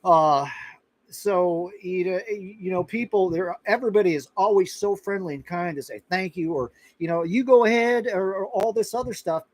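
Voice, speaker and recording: A middle-aged man from Florida, with a voice a bit higher than most men's, hosts a casual live chat from a rural outpost in western Kentucky. He talks at a normal speed and rambles conversationally, restarting sentences and slipping in small asides. The audio quality is poor.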